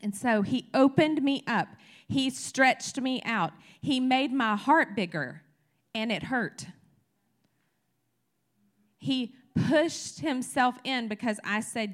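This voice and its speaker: A woman's voice: on the high side, animated, a little slow, fairly bright tone. Woman preacher, casual and candid delivery, builds to emphatic peaks, talks straight to the congregation. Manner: candid, chatty, emphatic with rising energy. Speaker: church teacher. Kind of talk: conversational sermon.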